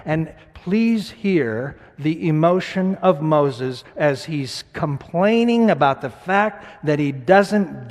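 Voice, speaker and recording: A male pastor preaching a sermon, moving between loud, emphatic scripture reading and hushed, quiet reflection. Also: a little high. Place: church sanctuary. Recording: church sanctuary with long reverb.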